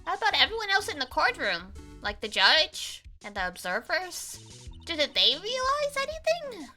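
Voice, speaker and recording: A dry, sarcastic young lawyer from a video game, read aloud by a woman in a high, bright voice. He fires off quick, disbelieving questions. Soft game music plays behind him. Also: huge pitch swings, heavily acted. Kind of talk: reading game dialogue aloud.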